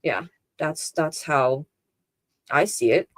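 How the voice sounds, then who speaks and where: Woman guest on a video call, very low voice, dry close sound, thinks out loud with lots of like and you know. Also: slow pace, dry recording. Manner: thoughtful, explanatory, many fillers. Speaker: interview guest, AI trainer. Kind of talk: casual interview chat.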